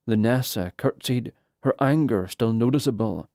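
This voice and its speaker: Brief: mellow male narrator, slow and steady, dry close sound. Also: mid-range voice, dry recording. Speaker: audiobook narrator. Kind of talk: scripted fantasy narration.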